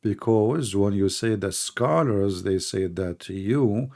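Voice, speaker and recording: A man's voice: lowish voice, takes it slowly, creaky, darkish tone. A man with an Arabic accent hosting a combative live debate, sarcastic and mocking, often talking over the other side. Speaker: debate host.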